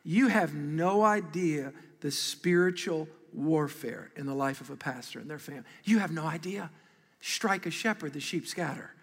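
A middle-aged man, a pastor, preaching an animated, conversational sermon and calling for responses from a large congregation. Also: on the high side, moderate pace, slightly rough, big-room sound. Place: large church auditorium.

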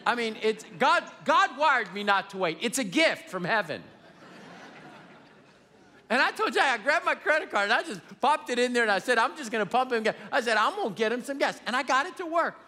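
Male pastor, high lively voice, animated storytelling sermon. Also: brisk, a little hiss or hum. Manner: storytelling with humor, animated and emphatic. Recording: long reverb of a large hall.

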